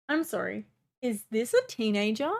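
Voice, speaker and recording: A young adult woman streamer giving casual, excitable gameplay commentary, chatty and swearing often. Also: a little high, vocal fry.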